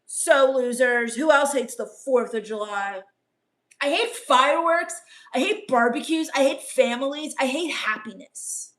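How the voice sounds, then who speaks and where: Hosting a comedy livestream, a woman reads the chat in a gloomy, deadpan gothic valley-girl drawl that comes off dismissive and misanthropic. Her voice is high and her pace measured.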